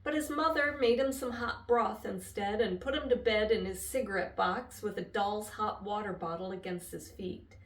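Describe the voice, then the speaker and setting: A woman's voice: medium pitch, moderate pace, few pauses. Grandmother reading a storybook aloud. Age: older. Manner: expressive, lively storytelling. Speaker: storybook reader. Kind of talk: reading a children's book aloud. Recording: echoey room, voice from a distance.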